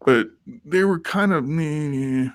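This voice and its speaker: An unhurried man with a medium-pitched, slightly bright voice co-hosts a casual podcast chat. He spins a rambling story and performs the quoted lines of the people involved. The studio-quality audio has no room sound.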